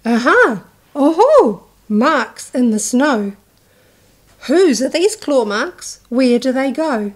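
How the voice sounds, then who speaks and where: Storybook monster child, small brave girl, high and excited, read by a woman. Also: slow pace, full character voice. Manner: bold, curious, exclaiming.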